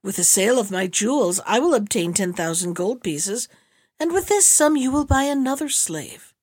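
A woman's voice: mid-range voice, animated, normal speed, darkish tone, no room sound, clean studio sound, close to an everyday voice. A woman reading the part of a motherly noble wife of a vizier, speaking earnestly and pleadingly.

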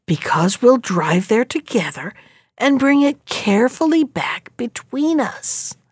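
A woman's voice: high-pitched, big pitch swings, slow, no echo, voice pushed up, exaggerated voice. A woman voicing a crafty old peasant man who feigns wonder to fool his wife. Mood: sly. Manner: sly, coaxing, feigns wonder.

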